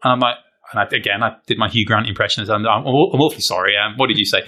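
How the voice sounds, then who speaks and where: Bright-voiced British man telling a story. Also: fairly low pitch, fast talker. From Britain. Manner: animated storyteller, self-deprecating, British slang. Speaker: guest, fencer. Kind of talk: casual anecdote telling.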